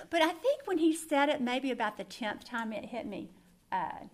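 A woman's voice: high voice, lively intonation, moderate pace. A middle-aged woman, sharing a personal testimony in a sermon, earnest and emphatic, repeating words for stress. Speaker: Christian speaker.

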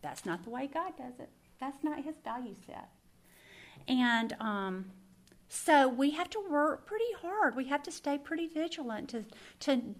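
A middle-aged woman, sharing a personal testimony in a sermon, earnest and emphatic, repeating words for stress. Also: high voice. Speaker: Christian speaker.

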